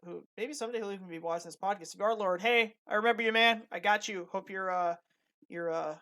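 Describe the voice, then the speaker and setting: A man's voice: high-pitched, quick pace, pushed and bright. A young man co-hosting a podcast in casual chat, rambling with many restarts and fillers. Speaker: podcast co-host.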